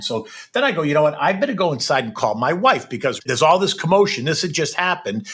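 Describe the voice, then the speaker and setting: A middle-aged man telling a personal story as a podcast guest, animated and keeps checking in with "right?". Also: a little high, fast talker, hardly any pauses, breathy edge.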